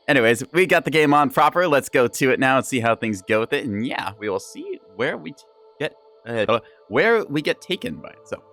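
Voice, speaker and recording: A man's voice: mid-range voice, very animated, moderate pace, a bit bright, faint music behind. A young adult man giving casual live-stream commentary on a game, chatty and rambling, with frequent laughs and teasing asides.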